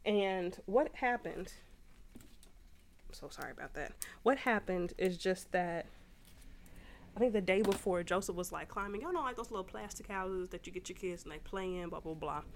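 A woman's voice: on the low side, moderate pace, slight background noise. A young adult woman hosting a faith podcast for moms, telling a personal story in a chatty, slangy way. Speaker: podcast host. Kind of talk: casual faith talk.

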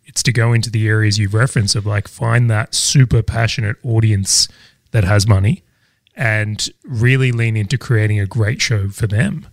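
A male podcast host with a lowish, gravelly voice, talking casually and building thoughtfully on what his guest says before he asks questions. The sound is close and dry. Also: moderate pace, no echo. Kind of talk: casual interview chat.

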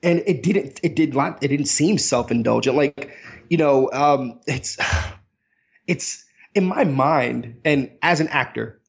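A man in his thirties in an animated, casual movie review chat, sometimes mimicking voices. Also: mid-range voice, takes it slowly, creaky, slightly rough, dull audio. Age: 30s.

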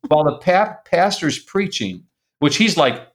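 An older man, a guest in an interview, tells a personal family story in an animated way, often laughing and reading old letters aloud. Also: a little high, measured pace.

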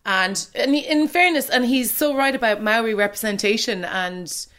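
A woman's voice: fairly high pitch, moderate pace, a bit bright. An Irish woman, a radio presenter, chatting casually and giving her opinions about a film with lots of fillers. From Ireland.

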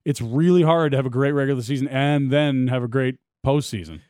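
This man co-hosts a sports talk show and argues his points with confidence. His pitch sits in the middle for a man. The sound is dry, with no room echo. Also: brisk, darkish tone, clean tone. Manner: confident, argumentative analysis.

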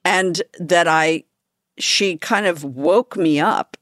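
A woman with a low voice hosts a conversational podcast. She speaks in a reflective, measured way and laughs easily. The sound is close and dry, with no room around it. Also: fairly bright tone, no echo. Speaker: podcast host.

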